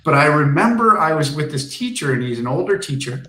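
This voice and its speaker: A man's voice: fairly high pitch, sing-song, a little fast, pushed and bright, echoey room, poor audio. A male teacher giving a classroom lesson, telling a personal story in a chatty way with frequent ums.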